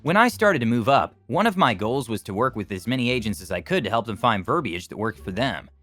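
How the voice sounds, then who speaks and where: A man's voice: medium pitch, big pitch swings, fairly quick, a bit bright, no room sound, faint music behind. A man reading reader-submitted stories aloud as scripted narration.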